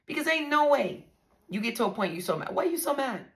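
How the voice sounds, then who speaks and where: A woman's voice: a little high, sing-song, fast talker, gravelly. A woman hosting a podcast, telling her own story in a blunt, emphatic way and speaking straight to her listeners. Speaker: podcast host. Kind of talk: candid storytelling monologue.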